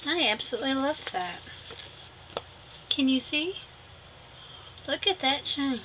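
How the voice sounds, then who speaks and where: A woman with a high, expressive voice moves a little slowly through her craft tutorial, speaking affectionately to the people watching and poking fun at herself with laughter. The recording picks up noticeable background noise.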